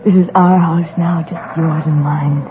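A woman's voice: deep voice, steady tone, a little slow. A woman playing a neurotic, possessive young woman in a radio drama, pleading and intense. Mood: obsessive, pleading. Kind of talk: 1940s radio acting. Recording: tinny old radio broadcast with faint hiss.

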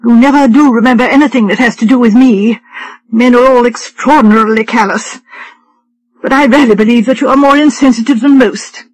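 A woman reader voicing a fretful, complaining invalid wife with high, dramatic delivery. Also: brisk, natural voice, low-quality recording. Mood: aggrieved. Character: fretful, self-pitying invalid wife, middle-aged.

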